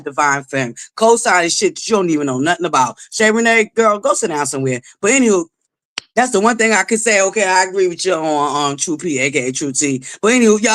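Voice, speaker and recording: A woman hosting a casual gossip commentary vlog, sassy and profane, scolding her viewers and swinging from low asides to loud exclamations. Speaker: commentary vlogger.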